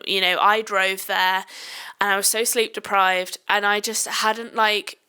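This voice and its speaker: A woman's voice: medium pitch, sharp tone, clean tone. A young woman who works night shifts in medicine, hosting a podcast and chatting in a rambling, self-deprecating way. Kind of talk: casual chat.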